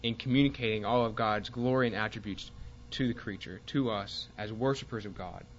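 A man teaching a Bible class, speaking haltingly with fillers and restarts and reading passages aloud with more force. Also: lowish voice, steady tone, highs cut off.

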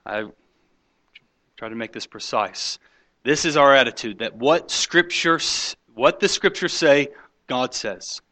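Swinging from forceful declarations to hushed asides, this pastor mocks skeptics by voicing their words in his sermon. He speaks at a medium pitch and a little slowly.

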